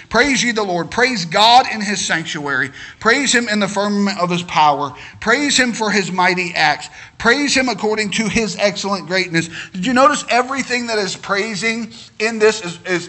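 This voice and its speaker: A man's voice: high-pitched, bright, forceful tone. A middle-aged male pastor preaching a sermon, telling homey stories that build into fervent preaching.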